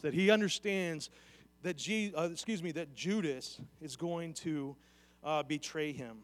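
High-voiced pastor preaching in a reverberant church. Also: male voice, unhurried. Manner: earnest, questions the congregation directly. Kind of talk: sermon. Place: church sanctuary. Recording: long reverb of a church hall.

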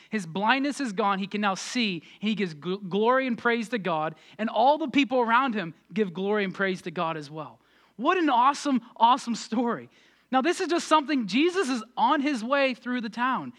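A man pastor preaching a sermon and leading prayer, energetic and emphatic with fervent peaks. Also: high voice, brisk.

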